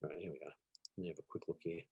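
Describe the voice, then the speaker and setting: A middle-aged man teaching animation in a live online workshop over a video call. He talks in a relaxed, chatty way, with many fillers and soft laughs. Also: a bass voice, fast talker, muffled recording, slight background noise. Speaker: animation instructor.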